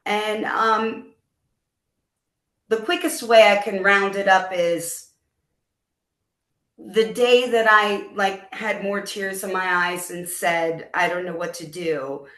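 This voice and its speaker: A woman's voice: medium pitch, slow, pauses often, echoey room. A middle-aged woman, a band musician, telling a story in an interview and acting out the dialogue she recalls. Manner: animated storyteller who acts out quoted dialogue.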